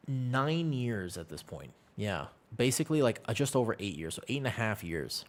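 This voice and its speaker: A man streaming from home, chatting casually and rambling with his viewers. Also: fairly low pitch. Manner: rambling, relaxed, chats with viewers. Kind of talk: casual chat with chat while gaming. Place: at home with a cat.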